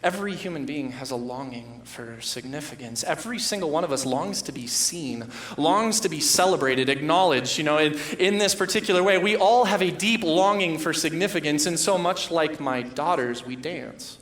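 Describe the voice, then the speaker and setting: Guy pastor in his 30s preaching, bit high voice, tells stories and does his kids' voices, roomy echo. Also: normal speed, few pauses, fairly bright tone, slight background noise. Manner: storytelling, acts out his children's voices. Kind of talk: sermon. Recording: echoey church hall.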